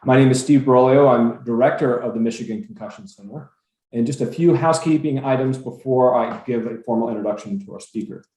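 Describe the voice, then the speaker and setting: A man's voice: medium pitch, fairly quick, roomy sound, poor audio. A man hosting a webinar series, reading a formal introduction of a speaker on a video call. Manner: steady, organized, reads a formal bio.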